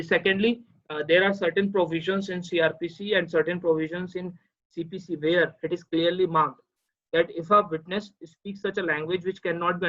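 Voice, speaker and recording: A man's voice: sits high, fairly bright tone, lo-fi sound. A man with an Indian English accent giving an online law lecture, explaining step by step with many "uh" fillers and checking in with listeners. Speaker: lecturer on cross-examination.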